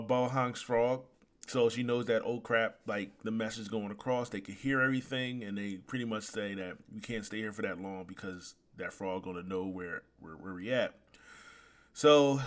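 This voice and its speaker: Male reviewer, casual and animated, frequently exasperated, profane. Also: medium pitch. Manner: animated, exasperated, swears freely. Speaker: anime chapter reviewer. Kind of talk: casual commentary.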